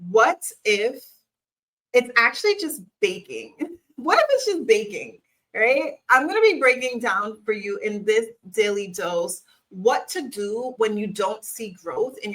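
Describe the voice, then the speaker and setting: A woman in her thirties, a business coach, gives a faith-based motivational talk in a slightly high, somewhat bright voice. She encourages the viewer directly, repeating questions, and the recording is rough.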